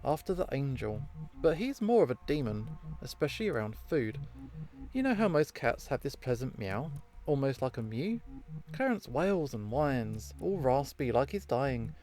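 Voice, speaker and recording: A man's voice: mid-range voice, sing-song, normal speed, darkish tone, natural voice. A man voicing an earnest, chatty ghost who rambles wistfully, over faint game music. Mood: fond.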